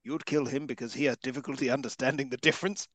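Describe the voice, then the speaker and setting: A man's voice: mid-range voice, steady tone, fast, fairly bright tone. A man co-hosting a podcast, making wry, sarcastic jokes about a film. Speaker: podcast co-host. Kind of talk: casual film review chat.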